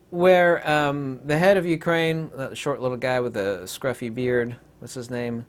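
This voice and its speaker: A man's voice: medium pitch, normal speed, few pauses. A man hosting a rambling, sarcastic commentary video, full of digressions and mocking asides.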